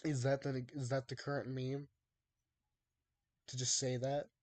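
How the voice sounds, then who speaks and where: A young man streaming from his desk mic, talking at an unhurried, dragging pace. He banters with his chat and sounds fed up with their jokes. His voice sits at an ordinary middle pitch. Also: flat delivery. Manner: drawling, exasperated banter with chat, laughs often. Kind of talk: casual live-stream chat.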